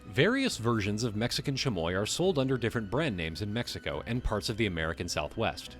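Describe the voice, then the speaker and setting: Guy streaming, reads an article then chats about it, swears a bunch, low voice that bounces around a lot. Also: very animated, fast, hardly any pauses, a bit bright, faint music behind. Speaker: livestream host. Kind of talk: casual reading aloud with commentary.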